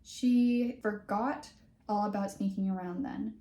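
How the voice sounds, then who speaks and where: A woman's voice: mid-range voice, a little slow, dark tone. Young woman, casual book reader, dry sarcastic commentary, room echo. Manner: wry, sarcastic asides. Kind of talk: reading a teen novel aloud with commentary. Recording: roomy echo.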